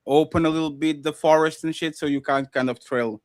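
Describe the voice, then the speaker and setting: A man's voice: a little high, fairly even intonation, brisk, dry recording. A man on a casual livestream call who rambles and restarts while encouraging the others, swearing casually.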